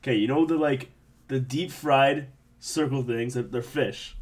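A young man in casual podcast chat, animated and quizzing his friends. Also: medium pitch, a little slow. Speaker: podcast co-host.

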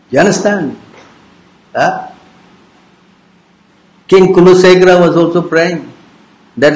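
A man with a slightly high voice gives a conversational sermon as a spiritual teacher. He keeps checking in with his listeners, pressing them with teasing rhetorical questions. The room around him has a noticeable echo. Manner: keeps checking in with listeners with "yes?" and "you understand?".

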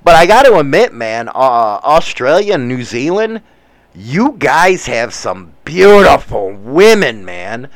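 A man in his forties with a Chicago accent, rambling through news with profane, animated asides. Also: mid-range voice, slow, no room sound. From United States. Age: 40s. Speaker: commentator reading news. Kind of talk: casual commentary.

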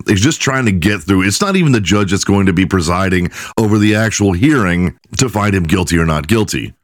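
A man's voice: deep voice, animated, brisk, dry recording, studio quality. A man hosting a podcast, telling loose, profane stories in a casual monologue and laughing at his own jokes. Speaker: podcast host.

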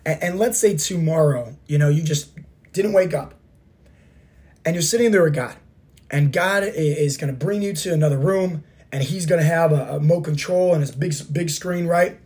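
A man in his thirties with a hoarse, sore throat hosting a motivational fitness podcast, talking emphatically and asking rhetorical questions. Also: a little high, moderate pace, darkish tone. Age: 30s. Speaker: podcast host and fitness coach.

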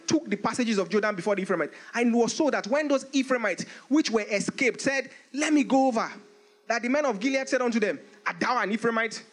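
High-voiced animated male preacher. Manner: animated preaching, reads scripture aloud in old English, laughs often. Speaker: pastor. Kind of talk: sermon.

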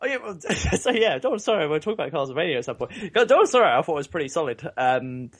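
A man's voice: fairly high pitch, sing-song, fast, fairly bright tone, husky. A man co-hosting a podcast, talking casually and hesitantly with many restarts. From United Kingdom. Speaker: podcast co-host. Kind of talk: casual chat.

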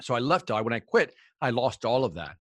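A man's voice: mid-range voice, a little fast, no echo. Male guest speaker, casual storyteller who voices the people in his anecdotes, recorded dry. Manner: animated storyteller acting out dialogue. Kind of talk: storytelling interview chat.

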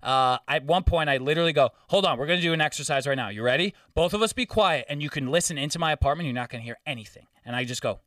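A man's voice: fairly high pitch, rapid-fire, few pauses, dry recording. Guy telling a swear-heavy story, dry room, bit far from the mic. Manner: profane, animated storytelling with acted-out quotes. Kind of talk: casual storytelling chat.

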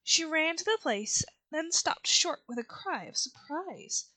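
A woman reading a children's novel aloud in a steady, unhurried way, with small slips now and then. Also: high-pitched. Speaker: reader.

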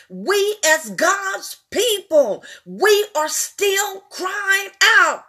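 A middle-aged woman preaches a fervent sermon at a very slow, drawn-out pace. Her voice sits high and bright, swinging widely in pitch as she repeats and cries out her lines. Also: sing-song. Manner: fervent, repetitive, rising into emotional crying-out.

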